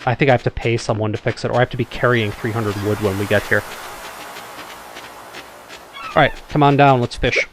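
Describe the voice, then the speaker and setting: A man's voice: medium pitch, fairly quick, pauses often, background noise. A man with a Midwestern American accent, chatting casually and reflectively while playing a game, hedging and restarting his sentences. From United States. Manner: rambling and reflective, full of hedges and restarts. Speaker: co-host, gamer. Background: game music.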